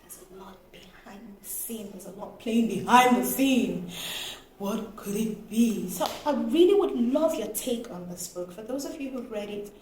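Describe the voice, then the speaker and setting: A woman from Nigeria giving a casual, animated book review, laughing now and then. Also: on the high side, unhurried. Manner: animated, expressive, laughs often. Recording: echoey room, faint noise.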